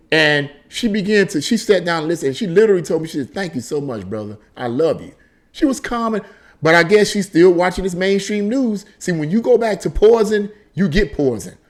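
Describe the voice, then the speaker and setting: A man hosting a casual political commentary monologue, emphatic and conversational, repeating his points as he tells a story. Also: high voice. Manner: animated storytelling with frequent repetition. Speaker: political commentary channel host.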